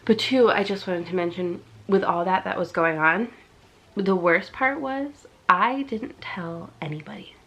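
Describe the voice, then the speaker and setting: Young woman vlogger with a stuffy nose from a cold; a slightly low, chatty, confessional delivery. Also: a little slow, a bit bright. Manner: chatty and confessional, with fillers and nervous laughs. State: congested from a cold. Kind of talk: candid personal vlog.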